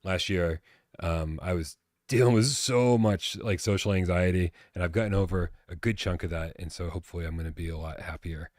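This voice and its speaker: A man with a low voice co-hosts a casual live gaming stream, rambling along, swearing freely and reading out viewer comments. The sound is close and dry, with no room around it. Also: fairly quick, darkish tone, dry recording. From Boston area. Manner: rambling, swears, reads chat aloud. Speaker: podcast co-host.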